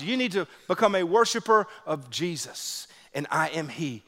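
A pastor preaches a sermon with personal stories, animatedly acting out quotes with big pitch jumps and swings in his voice. His voice is creaky at a normal speed with hardly any pauses, and the sound has a big-room quality.

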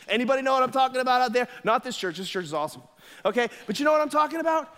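High-voiced energetic male preacher. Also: fast, in a large hall. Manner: energetic, animated storytelling with acted quotes. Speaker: pastor. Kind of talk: sermon. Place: church sanctuary.

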